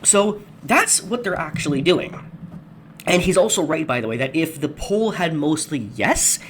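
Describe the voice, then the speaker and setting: A man's voice: on the high side, very animated, normal speed, fairly bright tone, a little hiss or hum. A man hosting a ranting video commentary, angry, sarcastic and profane. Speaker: commentary host.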